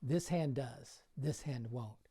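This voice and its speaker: Older juggling teacher talking you through it from his bedroom, counting throws, warm low-key voice. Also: slow, slightly rough. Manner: counts throws aloud while demonstrating; plain, encouraging coaching talk. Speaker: juggling coach. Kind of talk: casual how-to tutorial.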